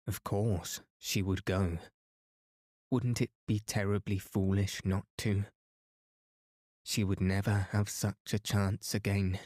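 A man reads a novel aloud as a bedtime story in a calm, soothing way. His voice is low and flat, and he speaks slowly. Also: no room sound, studio quality. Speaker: podcast narrator.

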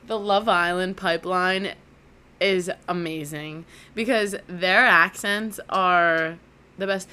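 Giggly bright-voiced woman, unhurried. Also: on the low side, clear, resonant tone. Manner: giggly, teasing. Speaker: podcast co-host. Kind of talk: casual podcast chat.

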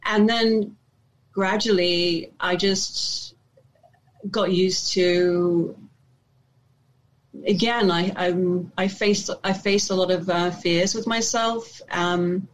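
Reflective woman actor, halting. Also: on the low side, steady tone, rough recording. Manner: reflective, halting with many restarts and fillers. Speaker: interview guest, actor. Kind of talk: casual interview chat.

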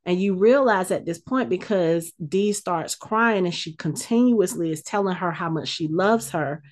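A woman co-hosting a casual podcast, retelling a show's episode with lively acted-out quotes. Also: on the low side, normal speed. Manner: animated storyteller, acts out quotes. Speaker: podcast co-host.

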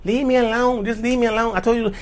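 Man doing a high, dainty voice, pleading softly. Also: steady tone, fast. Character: soft sweet dainty-voiced victim pleading.

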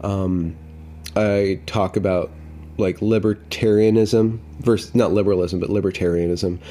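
A man's voice: deep voice, fairly even intonation, unhurried, warm tone. A man chatting casually at a kitchen table, playful and joking, often trailing off and restarting. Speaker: guest. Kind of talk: casual livestream chat.

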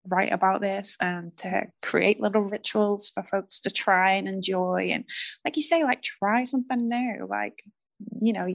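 A woman's voice: on the low side, creaky. A woman guest chatting casually on a podcast, giddy and rambling, swearing now and then. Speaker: guest author on divination.

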